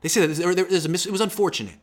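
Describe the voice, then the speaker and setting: A man's voice: sits high, racing. A young man, a sports writer guest, chatting casually on a podcast and acting out quoted players. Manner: animated, acts out quoted players with big loud jumps.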